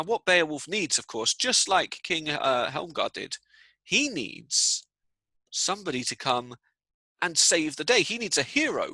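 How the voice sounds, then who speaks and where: Guy telling kids a story, playful, goes hushed at the spooky bits, bright voice. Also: on the high side, dry recording, poor audio. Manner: playful, animated storyteller who drops to hushed tones. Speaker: teacher reading out children's comments. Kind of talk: live storytelling lesson for children.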